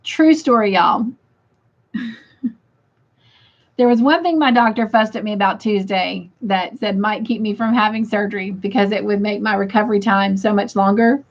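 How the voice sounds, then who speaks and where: A woman's voice: mid-range voice, fairly even intonation, normal speed. A middle-aged woman, hosting a casual livestream and reading viewer comments aloud with frequent laughter. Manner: giggly, laughs often, reads comments aloud. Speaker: livestream host reading chat. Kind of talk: casual live chat. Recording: dull lo-fi livestream audio.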